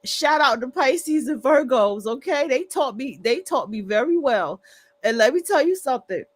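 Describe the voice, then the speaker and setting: A woman hosting a livestream, reacting to clips with loud laughter and slangy casual commentary. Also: sits high, normal speed. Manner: laughing hard, animated, slangy. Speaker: livestream host.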